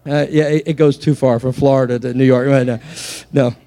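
Warm-voiced man preaching a sermon. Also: mid-range voice, brisk. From England. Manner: animated preaching with storytelling and repeated restarts. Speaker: pastor. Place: church.

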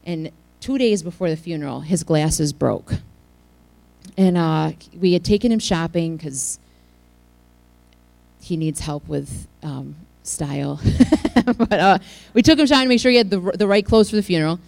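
A woman telling a heartfelt personal testimony to a church congregation, her delivery swinging from hushed to loud. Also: on the low side, normal speed, creaky, dry recording, low-quality recording. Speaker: church speaker sharing a testimony.

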